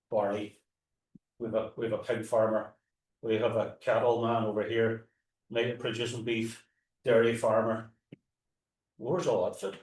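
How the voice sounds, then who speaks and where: A man with a Derry accent, a tour guide and historian, talking informally to a live audience, with frequent restarts and asides. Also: medium pitch. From Northern Ireland. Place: forum hall. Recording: roomy hall, mic at a distance.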